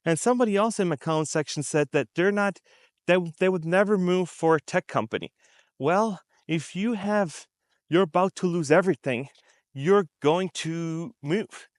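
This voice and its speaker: A man with a slightly raised pitch rants to his viewers in a loose, conversational way. He hammers each point twice and slips into little acted-out reactions. The sound is dry and close, with no room echo. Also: normal speed. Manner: conversational and emphatic, repeats points and acts out quoted reactions. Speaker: commentary vlogger. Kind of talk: unscripted commentary to camera.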